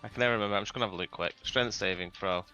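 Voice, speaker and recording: A man's voice: lowish voice, rapid-fire, sharp tone, muffled recording, faint music behind. A man playing a tabletop game, reading rules aloud and checking his moves as he goes. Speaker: player. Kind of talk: casual tabletop game play.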